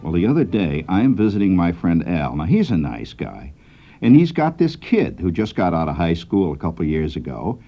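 Brief: a male radio storyteller, conspiratorial and lively, with a husky voice and a muffled old broadcast sound. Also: deep voice, moderate pace, faint music behind. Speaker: radio humorist and commentator.

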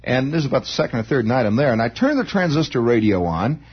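A man's voice: medium pitch, quick pace, husky. A man telling a long, wry, meandering story in a monologue. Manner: wry, meandering, animated, rising excitement as story builds. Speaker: radio monologist. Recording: dull lo-fi old broadcast recording.

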